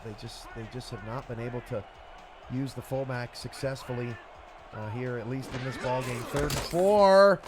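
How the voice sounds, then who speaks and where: A man calling the plays in esports football commentary, rising to shouts on big plays. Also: mid-range voice, noisy background. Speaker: play-by-play commentator.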